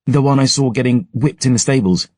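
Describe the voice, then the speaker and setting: A man's voice: mid-range voice, fairly quick, dark tone, dry recording, clean studio sound, voice pushed up, lightly acted. A man voicing a young, touchy initiate of a holy order who sounds flustered and indignant.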